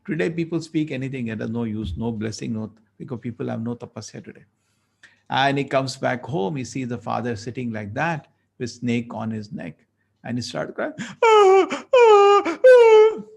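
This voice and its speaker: A man's voice: mid-range voice, normal speed, creaky, husky. A man giving a lecture at a temple. He tells a story conversationally and acts out the dialogue. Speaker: temple speaker.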